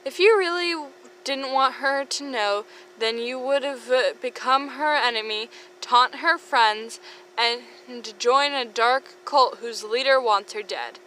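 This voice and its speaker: A snide teenage boy wizard , voiced by a woman, snaps in a high, bright voice. He sneers and throws exasperated outbursts, like a spoiled schoolboy in a fan comic dub. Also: a little slow, slight background noise, poor audio. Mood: sneering.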